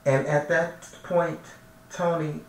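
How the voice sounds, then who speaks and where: A man's voice: on the high side, flat delivery, slow pace. A man, a minister, giving a heartfelt personal testimony, earnest and emotional, often repeating himself as he searches for words. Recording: echoey room, distant mic, faint noise.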